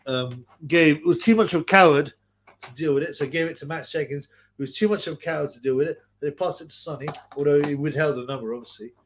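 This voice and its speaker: A man's voice: a little high, quick pace, slight background noise. A man hosting a casual livestream, rambling, swearing freely and laughing often as he tells stories and reads questions. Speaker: livestream host.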